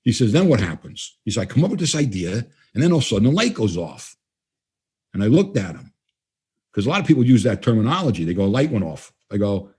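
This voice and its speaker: Answering questions in an interview, a guest trainer recounts stories with lots of energy, acting out both speakers in each conversation. He speaks at medium pitch, slightly rough and a bit quick.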